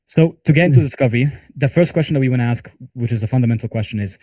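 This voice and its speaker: Male sales coach leading a team call; rapid, casual delivery with a warm, low-bright tone. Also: no room sound. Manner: conversational, talks with hands-on examples and casual fillers. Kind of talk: live group training call.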